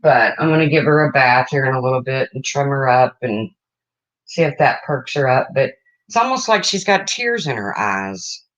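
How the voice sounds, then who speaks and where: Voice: mid-range voice, lively intonation, moderate pace, a bit bright, lo-fi sound. Emotional livestream host chatting with viewers. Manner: rambling, greets chat viewers mid-sentence. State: emotional, near tears. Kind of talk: casual livestream chat.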